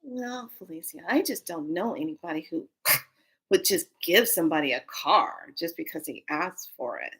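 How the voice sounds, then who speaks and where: A woman's voice: on the low side, expressive, normal speed, a bit bright, slightly rough, full character voice. A woman voicing a doubtful, practical woman friend, quoted within her story.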